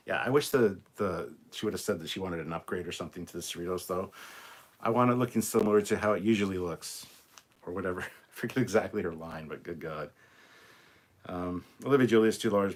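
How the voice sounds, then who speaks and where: A British man hosting a casual livestream reaction, excited and rambling, with frequent ums and laughs. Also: low-pitched, fairly quick. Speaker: livestream host.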